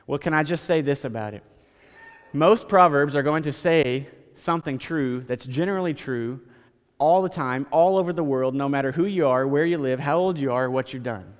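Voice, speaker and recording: A man's voice: a little high, moderate pace, smooth, long reverb tail. A man preaching a sermon as pastor, in a conversational style, repeating phrases and stammering now and then.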